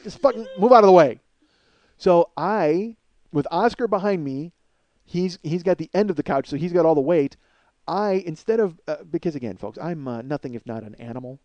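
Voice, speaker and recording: Male podcast host, higher voice, dry recording, profane comic storyteller. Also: moderate pace, no room sound, muffled recording. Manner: profane, animated storyteller addressing listeners as folks. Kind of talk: comedic storytelling monologue.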